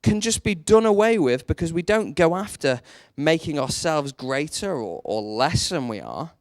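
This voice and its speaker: A young man delivers a sermon in a slightly high voice, recorded close and dry. He tells his stories steadily and throws rhetorical questions at his listeners, his pitch leaping upward whenever he drives a point home. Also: normal speed, no echo. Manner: storytelling, animated, rises sharply for emphasis. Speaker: preacher.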